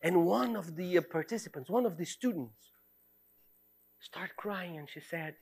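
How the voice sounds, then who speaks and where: A middle-aged man, a theology professor, giving a reflective lecture with personal stories, in an earnest, halting way full of restarts. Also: high-pitched, vocal fry, slightly rough.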